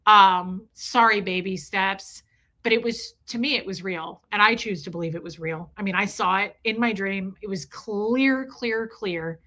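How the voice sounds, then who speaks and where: A woman's voice: medium pitch, a little slow, bright, forceful tone. A middle-aged woman hosting a livestream, talking candidly and with emotion while answering her chat. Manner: emotional, candid, talks straight to chat viewers. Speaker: livestream host reading chat.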